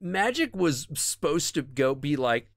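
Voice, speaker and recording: A man's voice: a little high, big pitch swings, unhurried, vocal fry, no room sound, studio quality. A man hosting a casual stream, chatting about comics in a rambling, profane way and stopping to search for things as he talks. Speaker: stream host.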